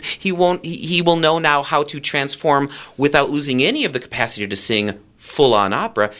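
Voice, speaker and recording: Enthusiastic man promoting a theater show. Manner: enthusiastic, animated, big pitch swings. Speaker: musical theater director. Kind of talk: radio interview guest.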